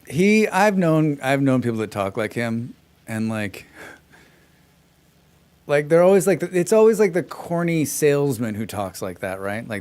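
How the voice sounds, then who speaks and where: A man's voice: medium pitch, very animated, slow pace, pauses often, darkish tone. Sarcastic man streaming a game. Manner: sarcastic, joking asides. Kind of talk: casual chat during a gameplay livestream.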